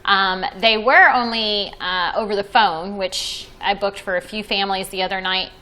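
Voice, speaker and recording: A woman's voice: mid-range voice, steady tone, moderate pace, sharp tone, low-quality recording. A woman hosting a podcast as a vacation planner, chatting casually and laughing often while she explains plans. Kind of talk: casual chat.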